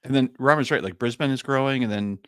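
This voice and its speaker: A man's voice: medium pitch, fast talker, dry recording. A man co-hosting a casual podcast, chatty and enthusiastic, swearing and laughing freely. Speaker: podcast co-host.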